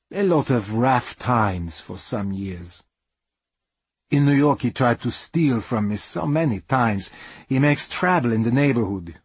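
Husky, slow-spoken middle-aged man storyteller. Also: mid-range voice, no room sound. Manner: plain non-native English, dropped articles. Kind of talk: dramatic first-person monologue.

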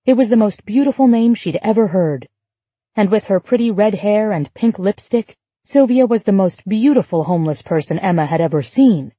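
Breathy, warm female audiobook narrator. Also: mid-range voice, normal speed, dry recording. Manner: even, literary storytelling. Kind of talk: scripted narration.

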